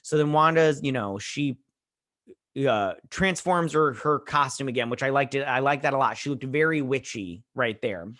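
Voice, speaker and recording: A man at an ordinary middle pitch, talking loosely through an episode recap as a review-channel host. He rambles and restarts often, leaning on fillers as he goes. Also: normal speed, a bit bright. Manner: heartfelt, saying he feels choked up.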